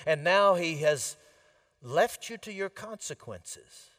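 Earnest male preacher, fairly high voice. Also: expressive, slow pace. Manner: earnest, rising to emphatic repetition then dropping soft. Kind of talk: sermon.

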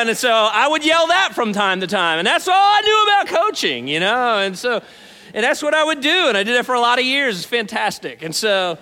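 A man preaching a sermon as pastor, talking in an animated, conversational way with frequent asides. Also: extremely high pitch. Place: church sanctuary. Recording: long hall reverb.

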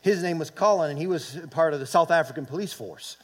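A pastor in his late fifties or older preaches a sermon in a voice on the high side, talking a little fast. He tells a personal story and calls on the congregation to respond.

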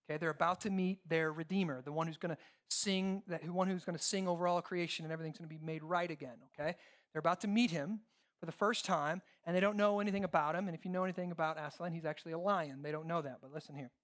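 Male preacher, animated sermon delivery, acts out quotes, rhetorical questions. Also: fairly high pitch, quick pace. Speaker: pastor.

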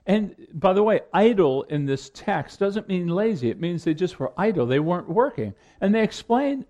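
Male preacher, slightly high and very animated pitch, teaching a parable, acts out the quotes and asks the room questions. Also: moderate pace, hardly any pauses. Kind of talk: sermon.

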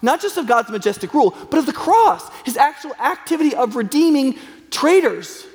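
A man's voice: very high voice, big pitch swings, normal speed. A man preaching a sermon as a pastor, earnest and conversational, with frequent fillers and restarts. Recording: long hall reverb.

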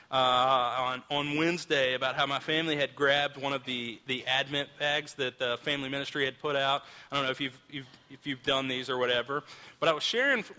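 A man's voice: mid-range voice, sharp tone, long reverb tail. A man in his thirties preaching a sermon in a casual storytelling way, often restarting his sentences, recorded in a church auditorium. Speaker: pastor.

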